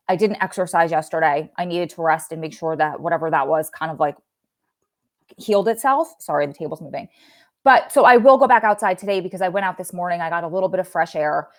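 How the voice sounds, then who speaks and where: A young woman hosting a casual livestream chat, chatty and rambling, sometimes losing her train of thought. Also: fairly low pitch. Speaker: livestream host.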